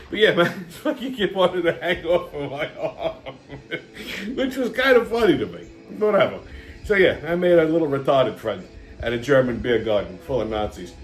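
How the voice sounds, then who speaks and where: A man's voice: on the high side, fairly bright tone. A middle-aged man, hosting a show and telling a rambling, blunt story full of swearing and fillers. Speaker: show host. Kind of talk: casual rambling monologue.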